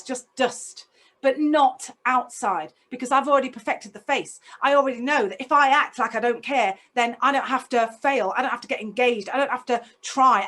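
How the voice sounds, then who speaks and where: A woman's voice: on the high side, fairly bright tone. A woman telling a personal story in a talk, intense and emotional, putting direct questions to her listeners. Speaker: speaker.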